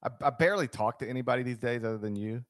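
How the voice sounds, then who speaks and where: A man's voice: medium pitch, very fast, dry recording, clean studio sound. A man hosting a sports radio show in casual, joking banter with his co-host.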